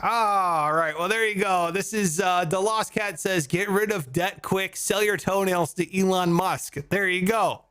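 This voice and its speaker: A man hosting a comedy podcast, chatting casually, swearing and joking with animated energy. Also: high voice, measured pace, hardly any pauses, clean tone. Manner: animated, swearing, mock voices for jokes.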